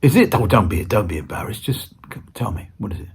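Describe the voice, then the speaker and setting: A man's voice: on the low side, sing-song, fast talker, creaky, a crowd in the background. A British man as an interview guest, chatting casually in a playful, rambling way with stammered restarts. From Britain. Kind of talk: casual chat.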